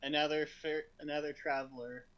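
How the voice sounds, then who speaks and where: A man's voice: on the high side, level tone, a little fast, fairly bright tone, highs cut off. A man joking around while playing an online game, teasing and bossing his in-game pet. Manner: playful, teasing, bossy toward his pet. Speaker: gamer playing a warlock. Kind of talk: casual chat while gaming.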